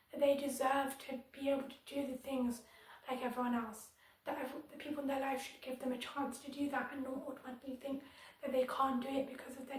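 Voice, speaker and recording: A woman's voice: high-pitched, a little mellow, far from the mic. Earnest woman in echoey room. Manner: firm, earnest, addressing viewers directly. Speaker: disability vlogger. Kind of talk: direct-to-camera advocacy commentary. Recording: very echoey room, voice somewhat off-mic.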